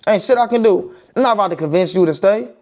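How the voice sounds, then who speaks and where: A man's voice: sits high, fast, darkish tone. Blunt, profane young-sounding man venting. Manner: blunt and profane, repeating points, emphatic. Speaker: vlogger giving opinions. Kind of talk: casual opinion monologue.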